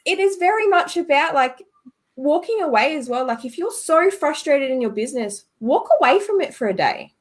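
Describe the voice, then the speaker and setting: A young woman speaking as an interview guest, giving emphatic, animated motivational advice. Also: high-pitched, normal speed. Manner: emphatic, animated, acts out quoted thoughts. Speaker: guest, business owner. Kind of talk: motivational conversation.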